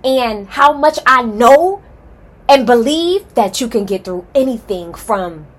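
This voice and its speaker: A woman's voice: fairly high pitch, animated, slow. A woman hosting her own podcast, giving a heartfelt, emphatic solo introduction and speaking straight to her listeners. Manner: passionate and emphatic, addresses listeners as y'all. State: nervous and excited. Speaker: podcast host.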